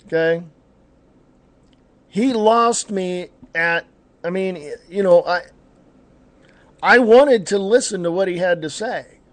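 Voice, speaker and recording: A man's voice: high-pitched, takes it slowly, long pauses, dry recording. A man hosting an online talk radio show, ranting bluntly and combatively and stopping now and then to correct himself.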